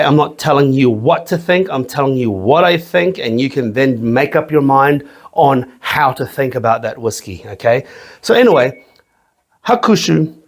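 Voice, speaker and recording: A man hosting his own whisky review channel, talking casually with crude jokes and swearing, rambling and tagging lines with "okay?". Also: mid-range voice. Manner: profane, joking, rambling, says "okay?" often.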